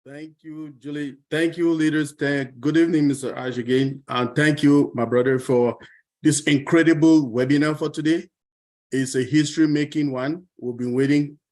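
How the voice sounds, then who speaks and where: A man's voice: a little high, fairly even intonation, moderate pace, darkish tone. A man giving an earnest, grateful speech as a participant on a video-call webinar. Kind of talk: thank-you speech.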